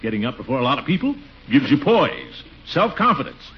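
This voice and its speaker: Guy doing a pompous uncle, big swoopy booming voice, dull old radio sound. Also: sing-song, fairly quick, close to an everyday voice. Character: pompous middle-aged uncle, blustering.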